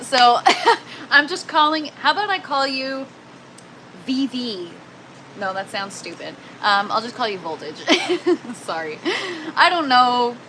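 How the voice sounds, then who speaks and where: A woman's voice: fairly high pitch, pushed and bright, a little hiss or hum, poor audio. A young woman hosting a casual livestream, chatty and laughing often as she greets viewers by name from an indoor grow tent. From Canada. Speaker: livestream host.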